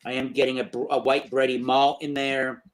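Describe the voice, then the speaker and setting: A man's voice: medium pitch, level tone, a little fast, rough recording. A man hosting a casual beer review show, rambling through tasting notes with plenty of fillers.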